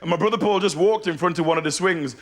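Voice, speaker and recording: Speaking fast in a high-sitting voice, a thirtysomething man with a Birmingham accent does stand-up storytelling on a big theatre stage. He jumps between character voices, and the live stage mic picks up loud audience laughter.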